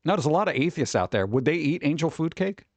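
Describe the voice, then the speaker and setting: A man's voice: fairly high pitch, big pitch swings, fast, dry recording. A man streaming live, reading holidays aloud and cracking jokes in a casual, playful way. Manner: joking, playful, riffing.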